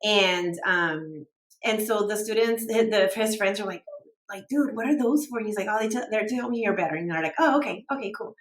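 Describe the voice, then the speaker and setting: A woman's voice: medium pitch, fairly quick, roomy sound, far from the mic. A woman co-hosting a podcast, telling stories in a casual chat and quoting people, with many fillers. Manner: chatty storyteller, many fillers and quoted dialogue. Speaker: podcast co-host.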